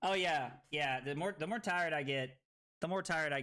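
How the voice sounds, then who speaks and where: A tipsy man streaming a card game, excitable and profane, bursting between loud shouts and low muttering as he banters with chat. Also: normal speed.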